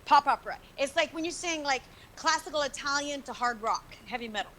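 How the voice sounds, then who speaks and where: A woman's voice: sits high, fairly quick, bright, forceful tone, slight background noise, low-quality recording. A woman guest on a casual live stream, talking hesitantly with many fillers and laughing easily.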